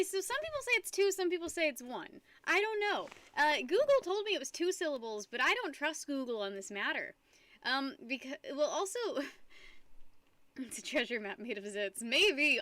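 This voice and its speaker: Bright, high-pitched chatty young woman. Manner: chatty, rambling, giggly, greets chat often. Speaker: streamer. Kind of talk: casual live-stream chat. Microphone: desk microphone.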